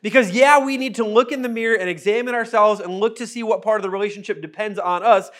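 A man with a notably high voice preaches a casual sermon. He talks to the congregation like he is chatting with friends, slips into humorous storytelling, and repeats key phrases for emphasis. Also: fast talker, a bit bright. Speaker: pastor.

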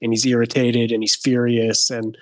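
A man's voice: mid-range voice, monotone, normal speed, dry recording. A man co-hosting a podcast, talking about films with enthusiasm and lots of "like". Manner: enthusiastic, re-enacts scenes, many fillers of "like". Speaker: podcast co-host. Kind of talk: casual film-discussion chat.

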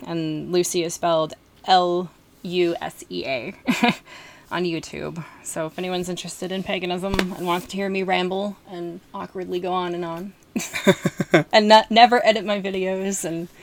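A woman's voice: lowish voice, steady tone, measured pace. A woman in her thirties, a podcast guest chatting casually and laughing often as she rambles. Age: 30s. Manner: giggly, rambling. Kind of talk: casual chat.

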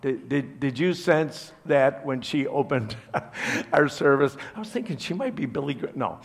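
Lively, animated male pastor preaching. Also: medium pitch, moderate pace, creaky. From Chicago. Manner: animated, conversational, with joking asides. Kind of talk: sermon. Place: church service.

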